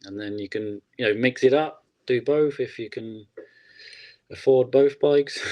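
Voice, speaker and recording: An English man, a professional rider, answering questions in a brief, plain-spoken, soft-spoken way. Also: mid-range voice, a little slow, muffled recording. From England. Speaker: guest, pro enduro rider. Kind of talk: casual interview chat.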